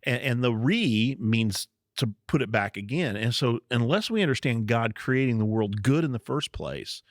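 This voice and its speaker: A man's voice: medium pitch, animated, moderate pace, dry recording, studio quality. A man co-hosting a podcast, teaching on the Bible in casual chat, explaining step by step and laughing easily. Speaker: podcast co-host.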